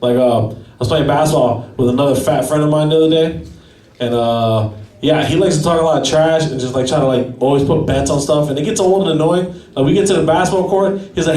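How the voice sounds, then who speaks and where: A man's voice: a little high, fairly even intonation, fairly quick, a little mellow, distant mic. Self-mocking stand-up man, echoey room. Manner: self-deprecating, chatty with the crowd. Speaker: stand-up comedian. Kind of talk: stand-up comedy set. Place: small gallery venue at an open mic.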